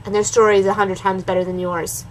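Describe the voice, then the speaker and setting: A woman's voice: mid-range voice, level tone, quick pace, a little hiss or hum, poor audio. A woman doing a comedic dramatic reading of a bad story, breaking off for sarcastic asides. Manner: sarcastic, mocking, switches between reading and snarky asides. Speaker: reaction video host.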